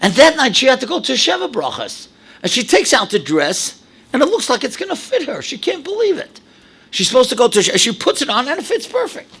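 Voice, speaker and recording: A man in his seventies from New York, a rabbi telling stories in a dramatic, animated lecture. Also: very high-pitched, a little fast, slightly rough. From New York, USA. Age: 70s. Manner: animated, dramatic storyteller with sudden drops and exclamations. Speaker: rabbi, speaker. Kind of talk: storytelling lecture to an audience.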